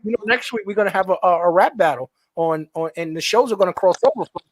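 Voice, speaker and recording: High-voiced New York man hosting. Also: fast, crowd noise. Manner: teasing, stammering restarts. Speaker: livestream show host. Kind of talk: casual call-in chat.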